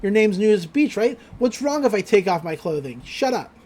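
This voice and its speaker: A woman's voice: medium pitch, sing-song, normal speed, a little mellow. A woman on a podcast voicing a defiant, tough teenage girl fighter in a blunt, raised voice.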